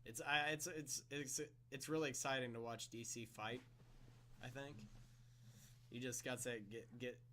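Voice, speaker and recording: A young man with a bright, forward voice co-hosts a casual podcast. He rambles, stutters through thoughts and laughs a lot. A faint hum sits under the recording. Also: mid-range voice, fairly even intonation, normal speed. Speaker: podcast co-host. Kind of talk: casual chat. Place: room with a friend.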